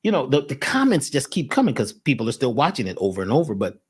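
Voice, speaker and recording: A man speaking as a guest in an animated spiritual talk, telling stories and acting out the people he quotes. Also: medium pitch, quick pace, slightly rough.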